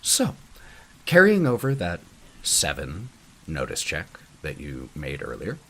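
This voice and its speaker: A man running a tabletop horror game as game master, giving measured, descriptive narration with casual asides. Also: rumbling low, wildly swooping pitch, sharp tone.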